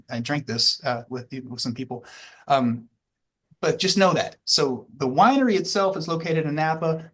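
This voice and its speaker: A man's voice: a little high, a bit bright. Casual rambling male wine instructor. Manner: casual, rambling, frequent fillers and restarts. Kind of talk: classroom lecture.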